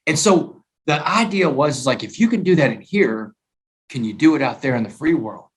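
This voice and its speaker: A man, a guest author telling his story in an emphatic, animated way during a talk-show interview. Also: on the high side, normal speed.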